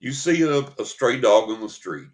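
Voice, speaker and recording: A man's voice: mid-range voice, expressive, moderate pace. A man hosting a paranormal talk show, telling a story in casual chat and acting out the voices of the people in it.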